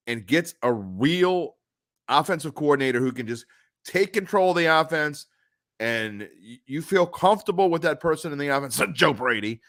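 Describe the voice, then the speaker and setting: A man's voice: medium pitch, a bit bright, dry recording. Opinionated man, dry close sound. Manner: opinionated, emphatic. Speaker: podcast co-host. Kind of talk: casual sports talk.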